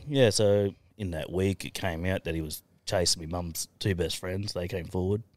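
A man's voice: low-pitched, moderate pace, darkish tone, dry recording. An Australian man telling stories in a casual podcast chat, blunt and swearing freely as he laughs through his stories. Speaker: podcast guest.

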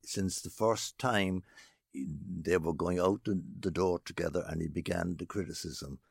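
A man's voice: deep voice, measured pace, gravelly, husky, dry recording, clean studio sound. A man co-hosting a podcast, agreeing and adding emphatic points. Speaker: podcast co-host. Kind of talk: casual discussion.

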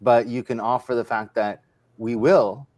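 A man's voice: medium pitch, fairly even intonation, unhurried, darkish tone, no room sound, lo-fi sound. A man hosting a casual livestream, rambling and retelling stories in quoted dialogue. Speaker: livestream host. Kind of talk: casual chat.

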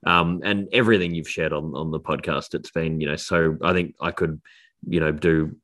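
Very deep-voiced man hosting a podcast. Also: moderate pace. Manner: relaxed, friendly, says "mate". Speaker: podcast host. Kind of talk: casual interview chat.

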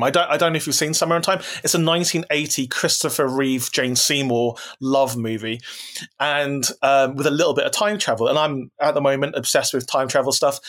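A man's voice: medium pitch, fairly bright tone. A man talking as a podcast guest in casual chat, enthusiastic and rambling, with lots of restarts and repeated words. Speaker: podcast guest, horror writer and producer.

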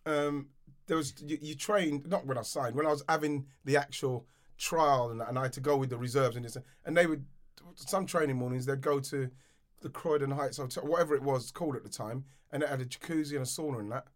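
A man, telling rambling, animated stories in casual chat, laughing often and restarting his sentences. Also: mid-range voice, brisk. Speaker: podcast guest.

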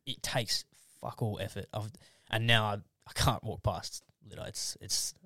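A young adult man co-hosts in a relaxed, sweary style. His voice is lowish and recorded dry and close. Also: unhurried, no room sound. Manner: laid-back, swears casually, laughs often. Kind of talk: casual podcast chat.

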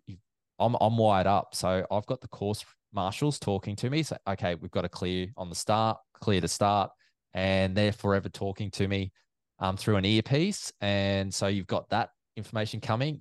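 Man, event MC, lowish voice, dry recording, lively storytelling with fillers. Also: smooth, dry recording. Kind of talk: casual interview chat.

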